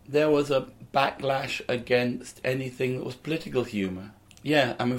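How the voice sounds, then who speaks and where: An older man from England, a comedian and musician, telling rambling anecdotes in a casual interview. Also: mid-range voice.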